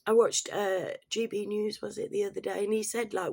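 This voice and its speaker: A woman's voice: medium pitch, fairly quick, vocal fry, hardly any pauses, a little mellow, breathy edge, no echo, studio quality. A woman from England, talking straight to camera in a blunt, heated rant full of swearing. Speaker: vlogger. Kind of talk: casual ranting monologue.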